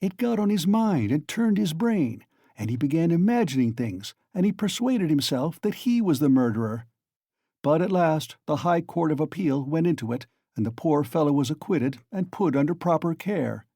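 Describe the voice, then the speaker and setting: A man's voice: fairly high pitch, expressive, moderate pace, warm tone, dry recording, clean studio sound. A man putting on Porphyry, a sly coaxing magistrate. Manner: coaxing, insinuating, mock-friendly. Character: sly, genial male magistrate, probing and teasing.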